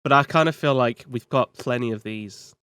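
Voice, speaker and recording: Relaxed man chatting, dry close sound. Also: mid-range voice, moderate pace, smooth, no room sound. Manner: relaxed, laughing, trailing off softly. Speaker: player and co-host. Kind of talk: casual chat about a tabletop game.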